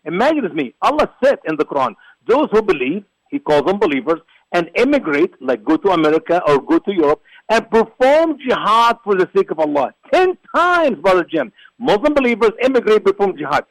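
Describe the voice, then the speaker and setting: A man from Egypt, a guest giving forceful, repetitive, preacher-like commentary on a religious talk show. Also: sits high, sing-song, brisk, no room sound, poor audio. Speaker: guest, ministry founder.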